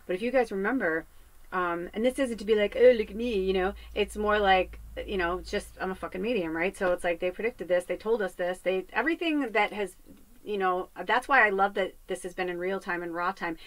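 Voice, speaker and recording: A woman's voice: mid-range voice, brisk, a bit bright, no echo, poor audio. A woman medium from the US West Coast talking in a casual spiritual monologue, rambling and chatty, swearing freely. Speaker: psychic medium. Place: home podcast set.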